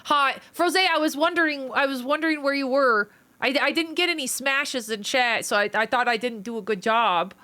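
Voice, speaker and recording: A woman's voice: high voice, normal speed, hardly any pauses, bright, forceful tone. A woman livestreaming and chatting casually with her viewers, playful and teasing as she jokes around. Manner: playful, teasing, joking with chat. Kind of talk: casual live-stream chat.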